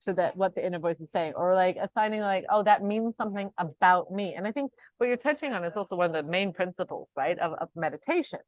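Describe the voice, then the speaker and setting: A woman's voice: lowish voice, expressive, fast talker, few pauses, dry recording, rough recording. Chatty woman host, dry close sound. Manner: chatty, reflective, swears casually. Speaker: interview host and coach. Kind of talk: casual interview conversation.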